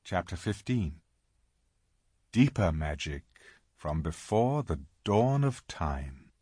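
Slow, expressive male storyteller. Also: deep voice, husky, no echo, studio quality. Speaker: audiobook reader. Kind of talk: scripted storybook narration.

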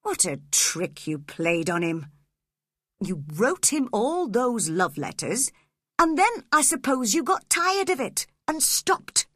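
Woman voicing earnest teenage girl, hot-tempered, high lively voice, bright, storybook reading. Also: slow, no room sound, clean studio sound, exaggerated voice. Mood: reproachful.

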